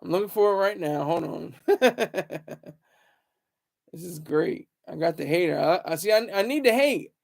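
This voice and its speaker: Young guy with a high voice ranting at his viewers, loud and taunting, rambles a lot. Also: expressive, unhurried, gravelly. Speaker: streamer talking to viewers. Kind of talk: casual livestream rant.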